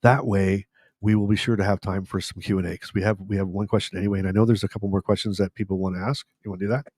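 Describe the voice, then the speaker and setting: Podcast co-host, man, lower voice, talkative, loose and rambling delivery. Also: fairly even intonation, very fast, a little mellow, husky, no room sound, studio quality. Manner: rambling, with frequent restarts and fillers. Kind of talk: casual podcast chat.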